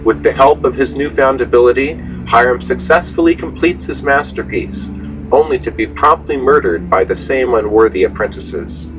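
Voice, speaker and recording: Solemn male documentary narrator; muffled, distant clip over loud music. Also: medium pitch, moderate pace.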